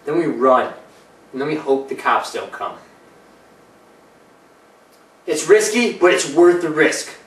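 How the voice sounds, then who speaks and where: A male host chatting casually on a low-budget comedy show, rambling from one joke to the next. His voice sits back from the mic in a roomy, echoing space with a faint hum of ambience. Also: sing-song, moderate pace. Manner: rambling, jokey, slips into put-on voices. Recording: echoey room, mic at a distance, faint ambience.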